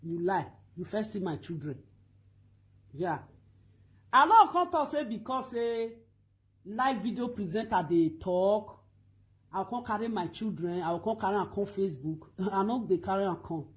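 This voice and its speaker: A middle-aged woman with a Nigerian Pidgin accent, ranting loudly and emphatically to her online followers in a scolding, repetitive way. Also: medium pitch, animated, normal speed. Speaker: Facebook live video blogger. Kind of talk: animated ranting monologue.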